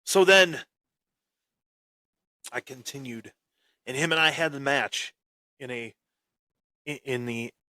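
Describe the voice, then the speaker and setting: A man speaks as his wrestling persona on a podcast, boastful and taunting as he recounts old rivalries. His delivery is unhurried and drawn out. The recording is dry and close, with no room sound. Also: medium pitch, a bit bright, no room sound. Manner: swaggering, taunting, dramatic. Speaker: podcast host. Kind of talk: boastful in-character wrestling storytelling.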